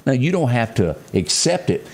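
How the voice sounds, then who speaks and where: A man's voice: medium pitch, big pitch swings, normal speed. A man co-hosting a morning show, reading headlines in a folksy, chatty way with asides. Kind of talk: casual news chat.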